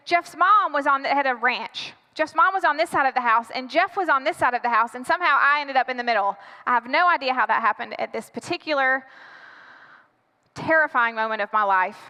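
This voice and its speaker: A woman pastor telling a dramatic personal story in a sermon, acting out her own panic with lively animation. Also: high voice, big-room sound. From United States.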